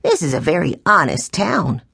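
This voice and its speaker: Brief: narrator doing a patient older aunt in a kids' audiobook, low and unhurried. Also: female voice, big pitch swings, gravelly, a bit bright, slightly rough, no echo, clean studio sound, exaggerated voice. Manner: measured, patient explaining. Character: calm kindly older aunt.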